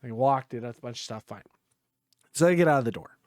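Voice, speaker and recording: A man co-hosting a podcast, telling a story in a casual, profane, animated way and acting out what others said. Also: mid-range voice, brisk, no room sound, studio quality. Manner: profane, animated, acts out quotes. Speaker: podcast co-host. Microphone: podcast mic.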